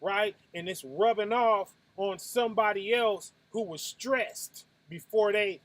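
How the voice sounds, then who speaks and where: High-voiced guy preaching slow and easy, keeps asking right?, goes quiet then loud with boom bang punch noises. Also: no room sound. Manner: swings from low and soft to loud bursts. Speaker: preacher hosting a Sabbath night talk. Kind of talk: casual conversational sermon.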